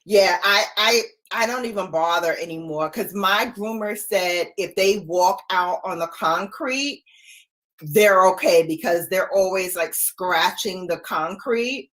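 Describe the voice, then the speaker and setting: Speaking at a measured pace, this livestream host is a middle-aged woman whose fairly low voice has a fairly bright tone. She keeps things chatty and casual, laughing a lot as she answers comments from viewers.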